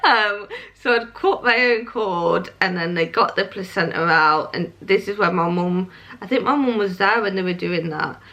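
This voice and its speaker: Speaking at a moderate pace in a sharp, mid-range voice, a young woman vlogs a personal story straight to camera. Her delivery is loose and chatty, peppered with "um" and "like".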